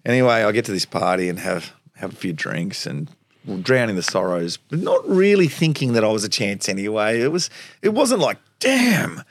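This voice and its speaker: Gravelly, low-voiced Australian storyteller man. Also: fairly quick, dry recording. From Tasmania, Australia. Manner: animated storyteller, acts out quoted voices, laughs often. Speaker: guest, former footballer. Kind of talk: storytelling interview.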